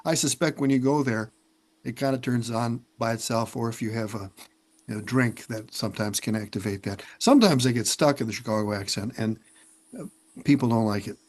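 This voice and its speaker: A man's voice: medium pitch, a little fast. Man hosting a casual video call. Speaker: workshop host.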